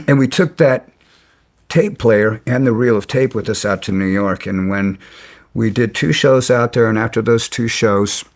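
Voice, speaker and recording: A man's voice: lowish voice, measured pace. A man as an interview guest, telling stories bluntly and with some resentment, stumbling and restarting his sentences. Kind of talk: casual storytelling.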